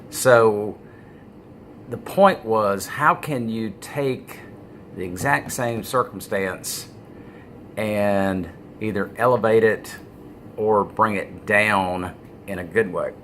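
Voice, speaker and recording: Slow, low-voiced man musing aloud. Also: fairly bright tone, slight background noise. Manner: halting, many "uh" fillers, stresses key words. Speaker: business vlogger. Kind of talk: casual talking-head monologue.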